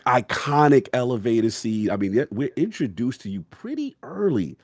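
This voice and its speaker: A man hosting a podcast interview, asking eager questions like an excited fan. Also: mid-range voice, normal speed, dry recording, studio quality. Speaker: podcast host. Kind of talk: casual interview chat.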